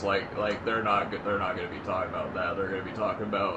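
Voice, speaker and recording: Low-voiced man with clear background noise. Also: steady tone, quick pace, hardly any pauses. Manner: hesitant, many fillers and restarts. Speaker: podcast co-host. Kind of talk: casual chat.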